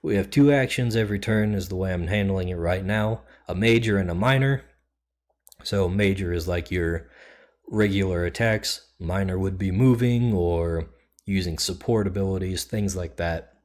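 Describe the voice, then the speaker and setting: Low-pitched man, game designer, casual rambling explainer. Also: moderate pace, darkish tone. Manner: rambling, loose, with frequent fillers and restarts. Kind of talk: casual solo talk explaining game rules.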